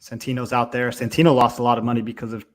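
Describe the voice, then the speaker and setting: A man's voice: mid-range voice, little pitch movement, very fast. A young man co-hosting a fight watch-along, chatting loosely with swearing and lots of fillers. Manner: loose and profane, with many fillers. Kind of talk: casual live fight commentary.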